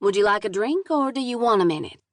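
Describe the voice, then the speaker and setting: A woman's voice: mid-range voice, expressive, quick pace, no echo, natural voice. A woman voicing a cheery middle-aged waitress with a folksy Southern US drawl who calls people sugar and honey. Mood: chirpy.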